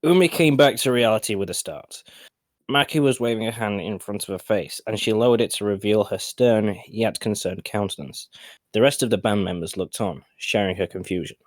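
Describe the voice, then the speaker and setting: A man narrating a fan story in a live reading, steady and measured. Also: lowish voice, no echo.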